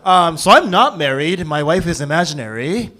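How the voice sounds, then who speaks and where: A man in his forties doing a deadpan stand-up set on an open-mic stage. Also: a little high, moderate pace. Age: 40s. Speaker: stand-up comic. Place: comedy club stage.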